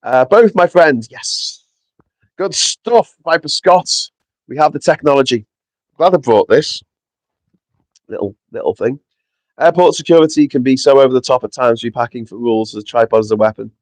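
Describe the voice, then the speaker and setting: A man's voice: medium pitch, normal speed, no room sound. Sweary man on a live stream. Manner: chatty, sweary, reads viewers' comments aloud. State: short on sleep. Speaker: livestream host. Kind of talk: casual live-stream chat. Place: outdoors in the wind. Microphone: small clip-on mic with foam.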